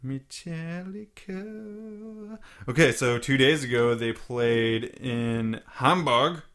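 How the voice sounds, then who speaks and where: A man's voice: medium pitch, slow, a bit bright. A man co-hosting a podcast with a loose, rambling way of talking. He swears casually and drifts between thoughts in easygoing chat. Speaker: podcast co-host.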